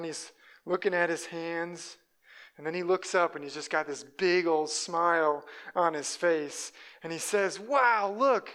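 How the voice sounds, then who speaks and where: A man's voice: fairly high pitch, fairly bright tone. A man preaching a sermon as a pastor, walking through a Bible passage and acting out the people he quotes. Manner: storytelling preacher who voices quoted speakers.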